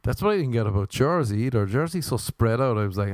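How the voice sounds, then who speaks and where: An Irish man telling a rambling comic story with deadpan asides, swearing and acted-out quoted voices. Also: medium pitch, a little fast, few pauses, smooth, dry recording, clean studio sound. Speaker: touring comedian.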